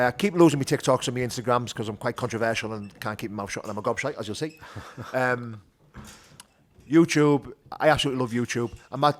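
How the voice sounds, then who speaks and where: Casting: middle-aged man, rapid blunt guest, average pitch, talks a mile a minute, lots of "you know". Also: fairly bright tone. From North of England. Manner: rapid, frank, full of "you know" and "do you know what I mean". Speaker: podcast guest. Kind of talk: candid conversational storytelling.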